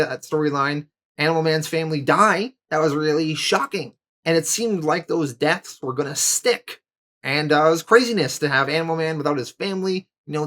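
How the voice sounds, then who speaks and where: A man narrating a comic book story recap and then giving his review, in a casual, relaxed way with occasional filler words. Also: on the high side.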